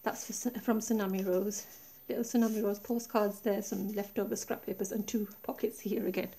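Seated at her craft table, a woman calmly highlights every pocket and flap of her project in a relaxed, step-by-step show-and-tell. Her voice is medium-pitched, soft, and mellow at a normal speed, chatty rather than polished, and a tablet mounted above her desk captures it.

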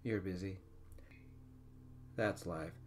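A man doing a friendly young host, soft-spoken ASMR story. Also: deep voice, slow pace, slight background noise.

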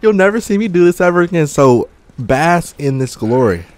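A man's voice: fairly high pitch, very animated, moderate pace, a little mellow. A young man gaming and chatting casually, out of breath and burning from hot wings, groaning and joking between exclamations. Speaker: gaming YouTuber.

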